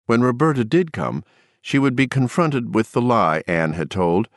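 A man narrating an audiobook in an expressive, measured reading. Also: mid-range voice, dry recording, studio quality.

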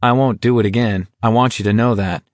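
A man voicing a weary young male walker who speaks in an even, clinical way. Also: medium pitch, fairly quick, no echo, natural voice. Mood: cool.

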